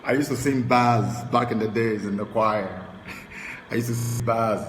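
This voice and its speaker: Man, preacher from Nigeria, excitable, sings hymn lines, echoey hall, long reverb. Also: a little slow, background noise. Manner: excitable, sings hymn lines, swings loud and high when mocking. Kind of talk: celebratory preaching to camera.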